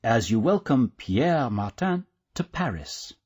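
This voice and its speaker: A man narrating a language course, guiding the listener with steady, scripted explanations. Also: medium pitch, slow pace, breathy edge.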